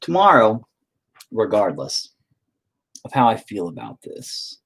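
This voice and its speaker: A man talking casually to himself while he paints, swearing constantly, self-critical, dropping into mutters and then flaring up loudly. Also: fairly low pitch, very animated, unhurried, creaky, long pauses, slight background noise. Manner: drops into whispers and mutters, then flares up loudly. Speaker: painting streamer.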